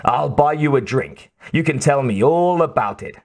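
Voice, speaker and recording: A man's voice: mid-range voice, animated, normal speed, close to an everyday voice. A man doing a brash Brooklyn tough guy. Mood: coaxing. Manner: brash, then harsh and clipped. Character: gruff male coworker turned menacing thug.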